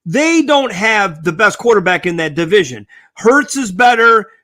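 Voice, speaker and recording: An older man with a fairly high voice, co-hosting a sports chat. He talks in a loose, rambling way and thinks aloud as he goes. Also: sing-song, moderate pace, sharp tone. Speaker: sports talk co-host. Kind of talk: casual sports banter.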